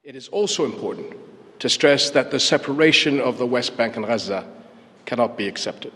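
A male official giving a formal, deliberate speech. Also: mid-range voice, animated, fairly bright tone. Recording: long hall reverb.

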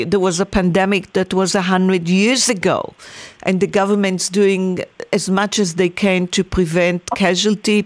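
Woman, radio host, mid-pitched voice, conversational questions, dry close mic. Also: no echo. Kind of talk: radio interview.

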